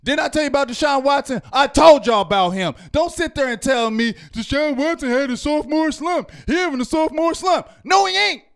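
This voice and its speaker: Guy with a really high voice going off about the game, loud and worked up, twang, yells sometimes. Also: brisk, creaky, hardly any pauses. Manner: loud, fired-up, repetitive, yells at times. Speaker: sports reaction show host. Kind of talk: heated fan rant.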